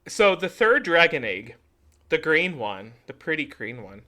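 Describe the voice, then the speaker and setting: A man's voice: on the high side, big pitch swings, a little slow, sharp tone. A young adult man co-hosting a podcast, chatting casually and acting out characters' lines as he retells a story. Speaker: podcast co-host. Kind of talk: casual chat.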